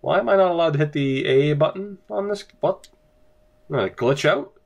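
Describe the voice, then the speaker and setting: A young man commentating his own hockey video game at home, in a casual let's-play way. His voice sits a little high for a man, and he mostly stays deadpan and understated, until a bad moment pushes him into a sudden spike of disbelief. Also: brisk, vocal fry. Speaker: gaming commentator. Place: home room early in the morning.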